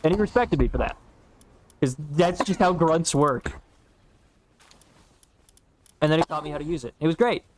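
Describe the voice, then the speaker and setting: A man's voice: fairly high pitch, animated, moderate pace, long pauses. A man streaming a game and chatting casually, telling stories in a blunt, profane way. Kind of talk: casual chat while gaming.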